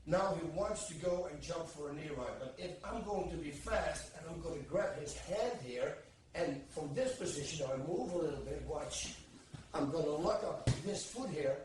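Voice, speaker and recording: Grappling instructor, male, highish voice, counts moves aloud, recorded from across a reverberant training room. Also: animated, normal speed, background noise. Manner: counts moves aloud while demonstrating holds. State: strained under pressure at times. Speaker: martial arts instructor. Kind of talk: instructional demonstration. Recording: echoey room, distant mic, faint background.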